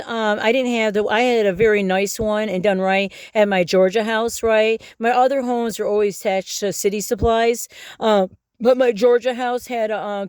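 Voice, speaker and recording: Woman, middle-aged, rambling rant, profane, lots of fillers, smooth voice, dry close sound. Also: fairly high pitch, darkish tone, dry recording. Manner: profane, ranting, many fillers. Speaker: vlogger. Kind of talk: rambling casual monologue.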